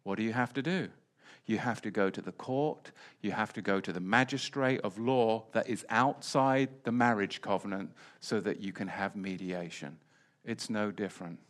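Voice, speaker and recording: A man's voice: fairly low pitch, normal speed. A man preaching a Bible lesson in an emphatic way, often repeating key phrases. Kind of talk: Bible teaching.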